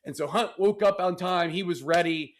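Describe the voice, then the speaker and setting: A man hosting a casual podcast, retelling old college stories with laughs and acted-out quotes. His voice sits a little high. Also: normal speed. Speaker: podcast host. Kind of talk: casual storytelling chat.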